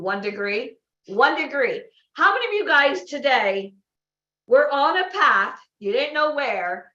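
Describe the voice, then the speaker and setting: A woman hosting a live event, giving an animated motivational talk and asking the audience questions. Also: high voice. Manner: animated, exclaiming, asks the crowd questions. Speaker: event host. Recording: echoey, dull livestream audio.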